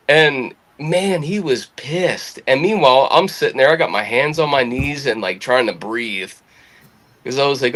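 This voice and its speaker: A young adult man telling a military story as a podcast guest, casual, swearing freely, quoting others in livelier voices. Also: moderate pace. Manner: lively anecdotal, swears freely, quotes others with rising pitch.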